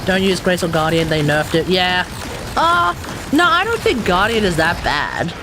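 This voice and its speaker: A man's voice: high-pitched, sing-song, normal speed, noisy background. A man with an Australian accent giving rambling, chatty commentary while live-streaming a video game, often correcting himself.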